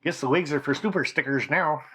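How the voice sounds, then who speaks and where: A man's voice: on the high side, moderate pace, pushed and bright, slightly rough. Chatty man hosting a hobby live stream. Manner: chatty, rambling, reads out viewer names. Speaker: channel host. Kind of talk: casual live-stream chat. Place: home model railroad room.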